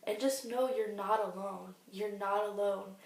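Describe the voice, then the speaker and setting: Young woman in her twenties, heartfelt diary vlogger, gravelly fry in a flat voice, recorded in an echoey room from a distance. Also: medium pitch, measured pace. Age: 20s. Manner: earnest, heartfelt, faith-filled. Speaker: vlogger sharing a cancer diary. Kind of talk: personal video diary.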